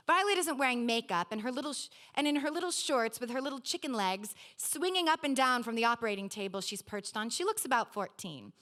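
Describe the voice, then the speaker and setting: A woman reading her own personal essay aloud at a live literary event, wry and lively, with quick asides. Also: medium pitch.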